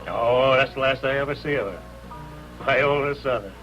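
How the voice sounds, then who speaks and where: A man's voice: mid-range voice, normal speed, a bit bright, soft background music, natural voice. An actor playing a folksy, plainspoken older doorman in an old radio drama. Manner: folksy, ungrammatical slang. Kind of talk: 1950s radio drama acting. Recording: dull lo-fi old radio recording.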